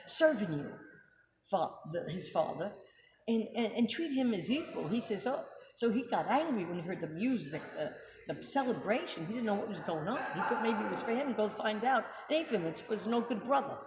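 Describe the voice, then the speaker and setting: Middle-aged vrouw als host, nadrukkelijk, retorische vragen, galmende kamer met achtergrondruis. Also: female voice, mid-range voice, expressive, fairly quick. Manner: emphatic, rhetorical questions, checking with listener. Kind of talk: casual religious commentary. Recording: echoey room with background noise.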